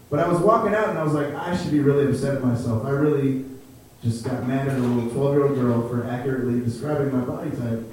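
A man's voice: mid-range voice, darkish tone, slight background noise. A young man from Chicago doing a stand-up set, telling stories in a laid-back way and laughing at his own jokes. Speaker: stand-up comedian. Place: comedy club stage. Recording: roomy, distant club recording.

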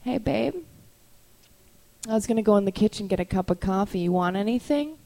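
A woman's voice: mid-range voice, animated, a little fast, vocal fry, mellow, poor audio. A woman voicing a casual upstairs neighbor in a comedy bit, talking offhandedly.

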